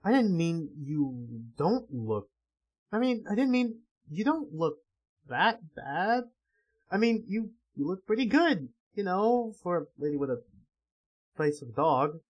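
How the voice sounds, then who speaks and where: A man's voice: high voice, very animated, unhurried, dull audio, pitched above the performer's own voice, full character voice. Casual: dude voicing a clumsy blunt young fighter guy, stumbles over his apologies. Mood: flustered. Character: brash young male warrior, blunt and clumsy.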